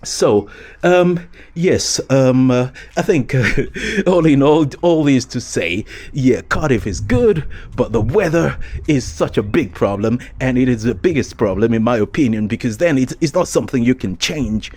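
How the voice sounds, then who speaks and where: Husky, hesitant man rambling casually. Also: mid-range voice, expressive, normal speed, a little mellow. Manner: hesitant, many fillers and restarts, chuckles often. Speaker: vlogger.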